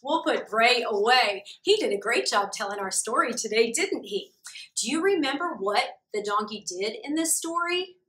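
High, bright-voiced preschool teacher woman. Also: expressive. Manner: slow, encouraging questions to small children. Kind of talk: children's church lesson. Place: church room. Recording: echoey room, mic far off.

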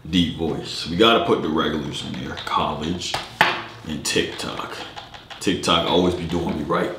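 A young man vlogger putting on a very deep, dark voice while he chats with strangers on video calls in laid-back slang. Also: moderate pace, echoey room, very noisy. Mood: chill. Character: super deep-voiced version of himself, a cool young man. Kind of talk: video chat prank.

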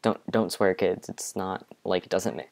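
Excitable young man gaming at home. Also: low voice, moderate pace, gravelly. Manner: excitable, panicky outbursts, many repeated exclamations. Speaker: gaming video creator. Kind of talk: casual let's-play commentary with a friend. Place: home bedroom.

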